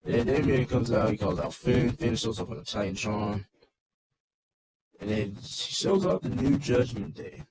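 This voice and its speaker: A man's voice: mid-range voice, a little slow, darkish tone, poor audio. A man casually recapping a wrestling show in a loose, rambling, swearing rant.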